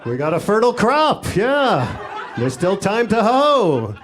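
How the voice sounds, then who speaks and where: A man's voice: sits high, very animated, voice pushed up. A man doing a woman who talks about egg freezing like a folksy farmer, in a noisy live club recording. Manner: folksy, drawn-out farm talk.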